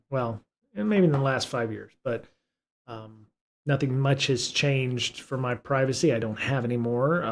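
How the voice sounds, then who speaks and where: A man hosting a live stream in a loose, rambling way. His voice sits at an average pitch. He talks with plenty of fillers and restarts. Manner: high-pitched baby talk to his cat. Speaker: streamer and host. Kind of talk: casual live-stream chat.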